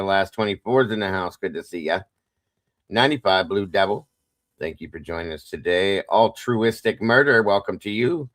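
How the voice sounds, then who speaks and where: A man's voice: fairly low pitch, fairly bright tone, no echo, clean studio sound. A man hosting a casual livestream, greeting viewers one by one by name with playful sing-song asides. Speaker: livestream host.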